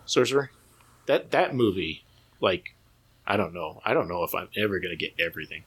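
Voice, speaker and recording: A man's voice: deep voice, expressive, a little fast, fairly bright tone, breathy edge. A man talking casually on a podcast, rambling and restarting his sentences, laughing often. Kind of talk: casual chat.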